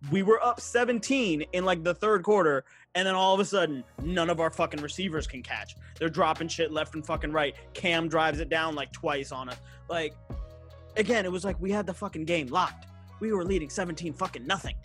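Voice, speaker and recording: A man's voice: a little high, a little fast, a bit bright, soft background music. A young man in casual sports chat, ranting in a heated, profane way. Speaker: podcast co-host, sports fan.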